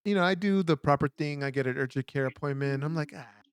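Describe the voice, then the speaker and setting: A man's voice: on the high side, fast, smooth, no room sound, clean studio sound. A young adult man co-hosting a podcast, telling a story in casual chat with lots of restarts and fillers. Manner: rambling storyteller, many restarts. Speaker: podcast co-host.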